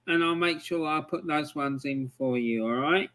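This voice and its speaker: A man's voice: on the high side, unhurried, few pauses, pushed and bright. A man hosting a live stream, chatting casually with viewers and rambling with frequent ums as he reads out their messages.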